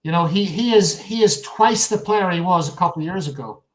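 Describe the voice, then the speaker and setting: Male host, high-pitched, jokey, teasing banter in a casual live show. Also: fairly quick, rough recording.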